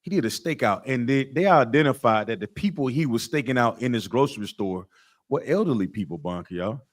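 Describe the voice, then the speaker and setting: A man's voice: mid-range voice, animated, a little fast. A man leading a scripture class, quizzing his students with call-and-response questions and repeating himself to press a point. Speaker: class teacher.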